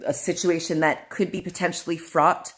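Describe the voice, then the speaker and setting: A woman in her thirties hosts her own podcast and talks through a personal story in a loose, gushing ramble. Her voice sits low for a woman, and she keeps reaching for "like" and "um" as she goes. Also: flat delivery, normal speed, a bit bright. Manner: dreamy, gushing, lots of likes and ums. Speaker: podcast host.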